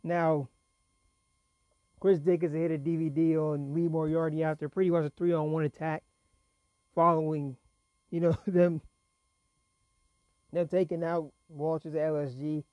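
A man's voice: fairly high pitch, flat delivery, unhurried, pauses often, no echo, dull audio. A man casually recapping wrestling results in a rambling, chatty way, fighting a cough and laughing between points. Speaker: wrestling show reviewer.

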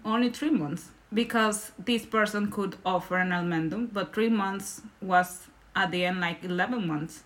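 A woman from Nicaragua, a podcast guest telling stories in lively, English and laughing often. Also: medium pitch, normal speed, hardly any pauses. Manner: animated, laughing, non-native English phrasing. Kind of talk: casual storytelling in conversation.

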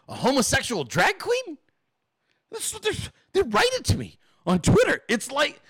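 A man's voice: high-pitched, bright, forceful tone, no echo, low-quality recording. A man hosting a political commentary show, ranting casually with sarcastic, profane mockery and frequent laughter. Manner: laughs often between remarks. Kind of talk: casual rant.

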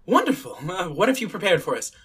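Effusive drama teacher, gushing and theatrical, as a game master puts him on. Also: male voice, high-pitched, big pitch swings, quick pace, a bit bright, husky, pitched above the performer's own voice, exaggerated voice. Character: male drama teacher running auditions, effusive.

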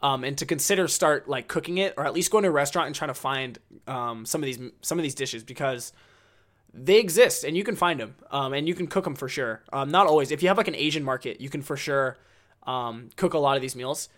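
A man talks on his own podcast in a loose, rambling way, full of ums and likes. He sounds keen and easygoing. His voice sits at an ordinary middle pitch. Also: brisk, a bit bright. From United States. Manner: rambling and enthusiastic, heavy on "um" and "like". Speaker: podcast host. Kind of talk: casual solo podcast chat.

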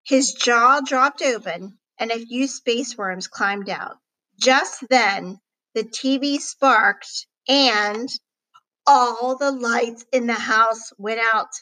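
A woman reading a children's chapter book aloud in a slow, clear storytelling way. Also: a little high, bright, forceful tone, poor audio. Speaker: audiobook reader.

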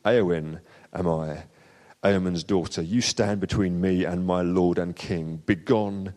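A man voicing a fierce young noblewoman warrior, reading her lines slowly and emphatically in his own low voice. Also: steady tone, a little mellow, breathy edge, big-room sound. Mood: defiant.

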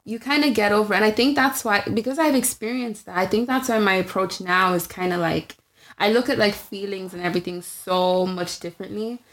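A woman's voice: medium pitch, a little fast. A woman in a casual group chat speaking bluntly and candidly, with slangy phrasing.

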